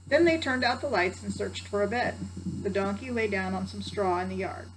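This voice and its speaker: A woman's voice: medium pitch, moderate pace, a little hiss or hum, low-quality recording. An older woman, a grandmother, reading a children's story aloud with chatty asides to her grandsons. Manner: warm chatty asides to the listener.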